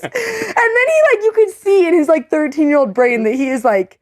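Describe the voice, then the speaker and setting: A young woman tells a story with lots of energy, her fairly high voice jumping up whenever she quotes someone. The sound is close and dry, with no room echo. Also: quick pace. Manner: animated storyteller, many "like"s, acts out quotes in a higher voice. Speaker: co-host. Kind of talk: casual storytelling.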